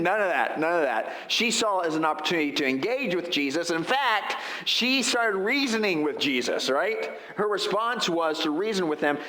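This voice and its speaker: A man's voice: fairly high pitch, sharp tone, reverberant, rough recording. A male pastor preaching a sermon in a conversational way, full of rhetorical asides and questions to the congregation. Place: church sanctuary.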